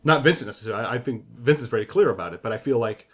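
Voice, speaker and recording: A man's voice: medium pitch, expressive, rapid-fire. A man co-hosting a podcast about game design, talking through his ideas with many restarts and self-corrections. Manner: thinking aloud, frequent restarts and self-corrections. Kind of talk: casual design discussion.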